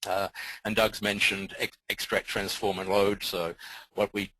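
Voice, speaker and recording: A man with a Southern Alabama accent presents the technical part of a webinar in a deep, slightly husky voice. He explains things methodically, point by point. The recording is dry and close. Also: level tone, a little slow, sharp tone, no echo, low-quality recording.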